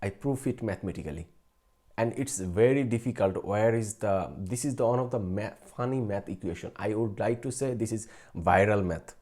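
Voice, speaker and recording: This is a young man in his late twenties hosting his own math live stream. He answers viewers casually in a relaxed, dark-toned voice. His speech is hesitant and full of fillers, false starts and little chuckles. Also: lowish voice, normal speed. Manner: hesitant, many fillers and restarts, chuckles often. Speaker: math channel host.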